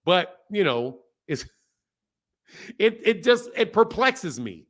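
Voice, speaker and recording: This boxing livestream host speaks slowly in a high voice with big swings in pitch. His casual commentary is blunt and meandering, full of slang and repetition, and he reads viewers' chat messages aloud.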